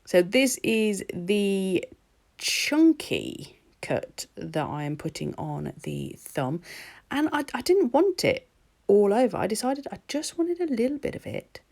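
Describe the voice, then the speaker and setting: Gravelly woman chatting casually. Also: mid-range voice, sing-song, slow, long pauses, a little mellow. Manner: chatty and rambling, with laughs and ums. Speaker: nail art vlogger. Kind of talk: casual voice-over narration. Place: at home.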